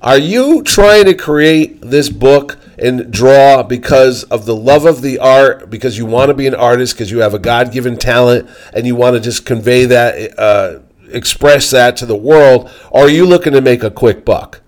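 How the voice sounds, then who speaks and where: A man's voice: medium pitch, normal speed, close to an everyday voice. Man quoting a scornful artist, dismissive, lecturing, storytelling. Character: arrogant scornful male comic artist.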